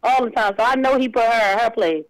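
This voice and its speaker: A woman's voice: a little high, fast talker, no echo, low-quality recording. A woman calling in to a radio show, chatting in a giggly way. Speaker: caller. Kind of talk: phone-in chat.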